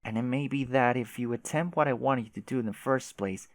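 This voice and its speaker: A man reading aloud and voicing a patient companion who speaks to a grieving girl in a gentle, hushed, coaxing way. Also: mid-range voice, fairly quick, dry recording, close to an everyday voice.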